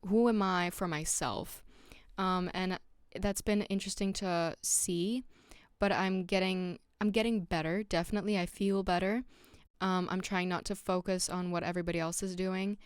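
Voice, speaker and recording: A young woman with a smooth, clear voice that sits a little low, recorded close and dry with no room sound. She talks through a casual solo podcast in a candid, reflective way, with plenty of "like" and "um" and sentences she restarts mid-thought. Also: fairly even intonation, moderate pace, no echo. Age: young adult. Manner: chatty, lots of "like" and "um", frequent restarts. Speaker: podcast host.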